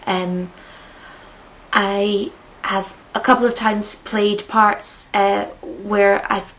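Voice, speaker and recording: A young woman from Edinburgh with a slightly lilting Scottish accent, unhurried and soft-spoken, reading a passage and then talking with some hesitation. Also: medium pitch, little pitch movement, slight background noise, poor audio. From Scotland. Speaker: accent study speaker.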